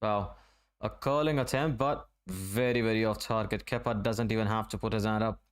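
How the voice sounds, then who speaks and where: Smooth-voiced man doing live football commentary. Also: on the low side, steady tone. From Asia. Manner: running play-by-play, conversational and unhurried. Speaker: streamer. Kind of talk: live match watch-along commentary.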